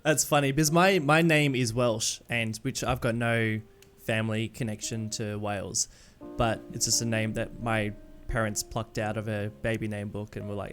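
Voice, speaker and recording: A man hosting a podcast, chatting casually and telling stories with lively acted-out quotes. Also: lowish voice, moderate pace, few pauses. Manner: animated storyteller, acts out quoted voices. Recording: faint music behind.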